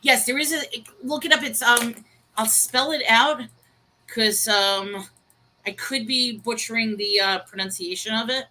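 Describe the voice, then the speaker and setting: A woman co-hosts a casual livestream discussion, speaking on the high side at an unhurried pace with a pushed, bright tone. She's chatty, laughs at her own pronunciation, reads viewer chat aloud, and greets viewers. The audio is poor, with a little hiss or hum.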